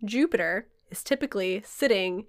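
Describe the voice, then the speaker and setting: A podcast host with a slightly sore throat chats casually at a moderate pace. She tells stories full of swearing, her pitch spiking whenever she gets excited.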